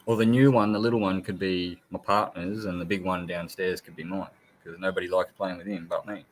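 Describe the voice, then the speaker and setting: Low-voiced man telling stories. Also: fairly even intonation, fairly quick, slight background noise. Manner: rambling storyteller, swears casually, mimics his pet. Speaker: livestream guest. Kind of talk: casual chat, anecdotes.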